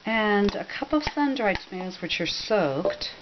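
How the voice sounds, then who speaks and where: A woman's voice: medium pitch, animated, a little slow, highs cut off, noisy background. A woman giving a casual, rambling recipe demonstration, chatty, with frequent ums and self-corrections. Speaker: cooking demonstrator.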